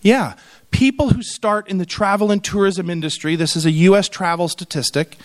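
A man's voice: sits high, moderate pace. A middle-aged man giving a humorous keynote speech, telling stories and acting out the people in them. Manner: animated storytelling, acts out quoted voices. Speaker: conference keynote speaker.

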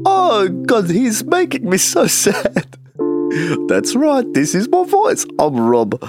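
A man's voice: high voice, wildly swooping pitch, slow, music in the background, pitched above the performer's own voice, heavily acted. A man doing a giggly dopey boy sidekick. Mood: goofy giggly.

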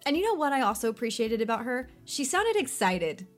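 A woman's voice: fairly high pitch, very animated, fairly quick, soft background music. Chatty woman podcast co-host. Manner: chatty, quizzing her co-host. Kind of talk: casual podcast chat.

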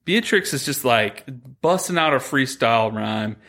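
Man, podcast co-host, casual plot recap, rambling, animated, mid-pitched voice. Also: normal speed. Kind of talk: casual chat recapping a movie.

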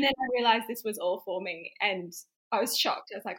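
A woman's voice: medium pitch, a little fast, poor audio. A young woman telling an interview story casually, acting out quotes with lots of laughter. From Australia. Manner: animated, acts out quotes with laughter. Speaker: interview guest.

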